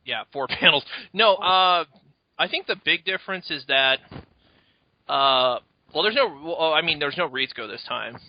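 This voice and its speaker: A man co-hosting a podcast in casual chat, animated and laughing often, with stumbling restarts. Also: on the high side, normal speed, highs cut off. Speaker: podcast co-host.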